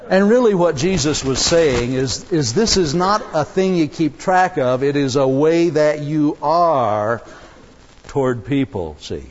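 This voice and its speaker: A man's voice: on the high side, measured pace, a little hiss or hum. A man preaching a sermon with humor, telling a story and acting out the voices. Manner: animated, jokey, acts out voices. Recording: dull sound, long hall reverb.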